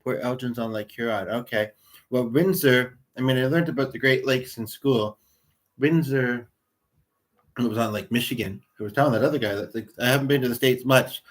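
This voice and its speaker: A man's voice: mid-range voice, a little fast. Chatty Canadian man in his thirties. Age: 30s. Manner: rambling, chatty, talks to viewers in chat. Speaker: livestream host. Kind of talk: casual livestream chat.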